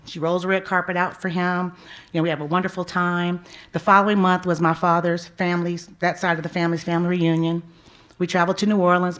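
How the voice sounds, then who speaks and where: A woman in her forties telling a personal family story to a live audience, conversational and full of quoted dialogue. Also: on the low side. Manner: conversational, quoting family members, frequent "you know" and laughs. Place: museum event stage.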